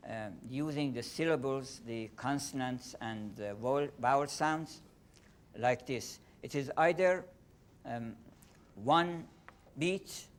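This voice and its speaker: A man's voice: medium pitch, slight background noise. Older man, Persian-accented lecturer. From Iran. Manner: halting, many fillers and restarts. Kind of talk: lecture on poetry.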